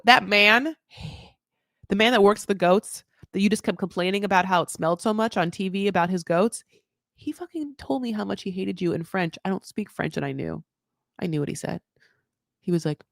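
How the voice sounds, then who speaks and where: A woman hosting a casual TV recap, rambling with sarcastic, animated asides. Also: medium pitch, a little fast, creaky, no echo, clean studio sound. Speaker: recap host.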